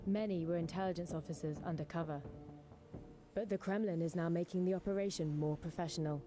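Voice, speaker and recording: A woman narrating a scripted news report in a measured, even delivery. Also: lowish voice, over music.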